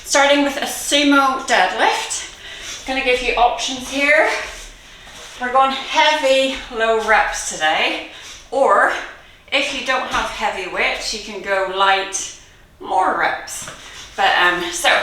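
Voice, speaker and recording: A woman fitness instructor coaching a workout, slightly high and bright in tone, speaking at an unhurried pace. She cheers people on, counts down reps and laughs easily. Her voice rings around a very echoey room, picked up from a distance. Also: a little hiss or hum. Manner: encouraging, counts reps aloud, laughs often. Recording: very echoey room, mic far off.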